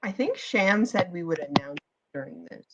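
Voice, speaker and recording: A woman's voice: lowish voice, moderate pace, lo-fi sound, crowd noise. A young woman co-hosting a livestream, teasing and chatting casually about hockey. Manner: teasing, lively, animated. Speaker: podcast co-host.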